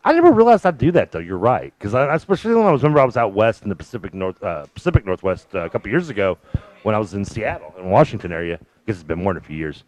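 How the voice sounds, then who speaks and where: Kentucky man, 30s, co-host, low voice, animated, jokey anecdotes. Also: no room sound. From Louisville, Kentucky. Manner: joking storyteller, quick asides and laughs. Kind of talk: casual chat.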